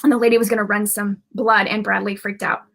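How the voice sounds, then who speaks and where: Bright-voiced woman rambling through a story. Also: medium pitch, little pitch movement, fast talker, vocal fry. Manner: rambling, restarts often, many fillers. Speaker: intuitive medium. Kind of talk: personal storytelling on a live video.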